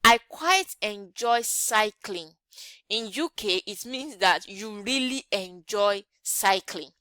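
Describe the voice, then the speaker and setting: A woman's voice: medium pitch, lively intonation, slow pace, pushed and bright, dry recording. A woman teaching an English grammar lesson online, often checking in with rhetorical questions.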